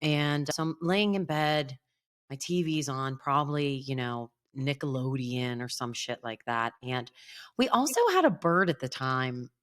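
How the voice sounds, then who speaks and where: A woman's voice: rumbling low, expressive, unhurried. A woman co-hosting a podcast in casual chat, giggly and blunt, swearing freely. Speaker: podcast co-host.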